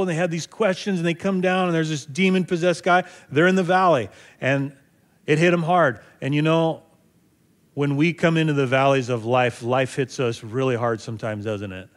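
A man's voice: on the high side, steady tone, a little fast. A man reading scripture aloud and then explaining it in a conversational, thoughtful way, with occasional fillers. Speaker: Bible teacher. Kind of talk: scripture reading and sermon commentary.

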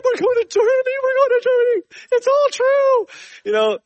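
A man's voice: a little high, poor audio. A man in his forties, a missionary speaking to his church in a conversational, storytelling sermon full of fillers and restarts. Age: 40s. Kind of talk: sermon testimony.

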